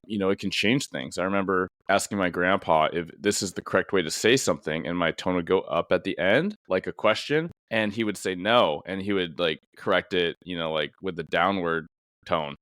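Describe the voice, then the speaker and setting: A police officer hosts a casual interview conversation as a podcast, speaking in a low, fairly bright, clear and resonant voice. He sounds thoughtful and rambling, with many fillers. The studio sound is clean, with no echo.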